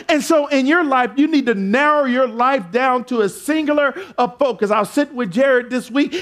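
A pastor with a very high-pitched voice preaches a sermon, leading his congregation in call-and-response and building up to shouts.

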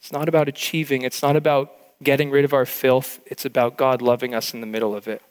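A man's voice: medium pitch, little pitch movement, quick pace, clean tone, big-room sound. A male pastor preaching an earnest, heartfelt sermon, with frequent restarts.

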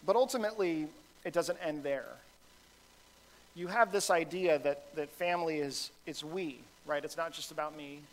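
A man's voice: a little high, moderate pace, low-quality recording. A man, a pastor with a son, preaching a sermon in a conversational, self-deprecating style full of fillers and restarts.

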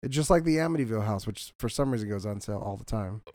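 A man co-hosting a podcast, teasing his friend and cutting in with quick questions in casual chat. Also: on the low side, animated, a little mellow, dry recording, studio quality. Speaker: podcast co-host.

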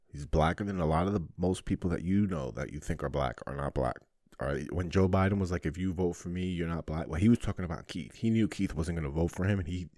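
A man's voice: low voice, darkish tone, dry recording, clean studio sound. A man in his forties from New Jersey, hosting a podcast and telling jokey, profane personal stories in a rambling way. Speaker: podcast host. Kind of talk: personal storytelling monologue.

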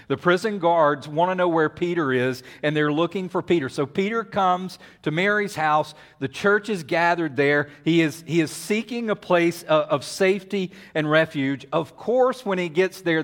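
Male pastor, animated storyteller, acts out the characters, pitch a bit high. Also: normal speed, few pauses. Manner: animated storytelling with acted-out voices and whisper-yelling. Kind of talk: sermon.

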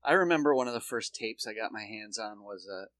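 A man's voice: lowish voice, fairly quick, no room sound. A man co-hosting a comedy podcast, telling a long story in a loose, swearing, laughing way. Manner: animated storyteller, laughs often, swears freely. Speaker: podcast co-host. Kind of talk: casual comedic chat.

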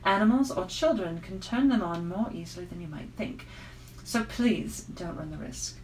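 A woman's voice: on the low side, moderate pace, crowd noise, natural voice, poor audio. Woman putting on a posh British accent. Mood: reading primly. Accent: put-on British. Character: posh upper-crust British woman, affected.

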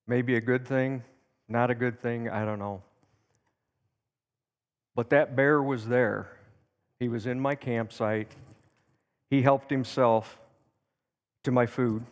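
In a church sanctuary with a big-room sound, a medium-pitched man's voice teaches during a service. He shares a personal anecdote in a folksy manner, bringing the quoted lines to life by acting them out.

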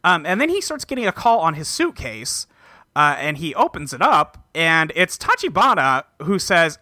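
A man co-hosting a casual podcast, recapping a show episode and reading out the characters' lines in a flat voice, swearing freely. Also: on the high side, normal speed, dry recording, studio quality. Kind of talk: casual chat.

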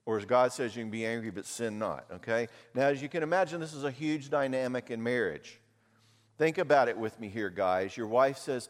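A middle-aged man preaching a sermon, animated and jokey, acting out little voices. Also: mid-range voice, a little fast. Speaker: pastor. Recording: long hall reverb.

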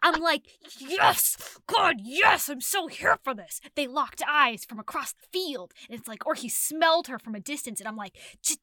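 A woman's voice: sits high, lively intonation, normal speed, hardly any pauses, bright, forceful tone, no room sound. A woman hosting a casual book podcast, talking with gushing, emphatic enthusiasm. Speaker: podcast host. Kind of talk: casual chat.

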